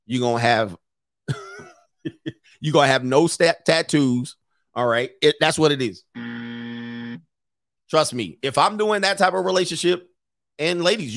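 A man's voice: medium pitch, dry recording. Blunt, lecturing man, dry close sound. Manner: blunt, lecturing, repeats phrases for emphasis. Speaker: commentator host. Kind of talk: opinionated commentary.

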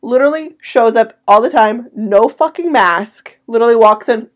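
A woman's voice: a little high, moderate pace. A young woman co-hosting a podcast, talking bluntly and swearing freely in casual chat. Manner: blunt, profane, laughs often. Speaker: podcast co-host.

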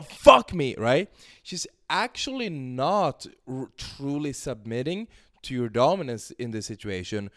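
A man's voice: fairly high pitch, dry recording, clean studio sound. A man coaching on a podcast, explaining in a loose, talkative way and often checking in with "right?". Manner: explanatory, acts out dialogue examples, frequent "right?". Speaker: sex and dating coach.

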